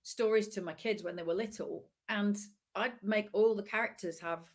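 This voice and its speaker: A woman comedian with a northern English accent, chatting fast and animatedly in a casual conversation. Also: mid-range voice. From northern England. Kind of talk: casual chat.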